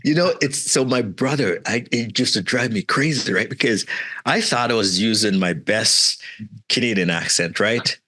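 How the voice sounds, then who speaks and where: A man's voice: lowish voice, normal speed, breathy edge. A middle-aged man from Jamaica, a guest entrepreneur, telling stories in a casual interview and acting out other people's voices. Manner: animated, acts out quoted voices, frequent "right?" and "man".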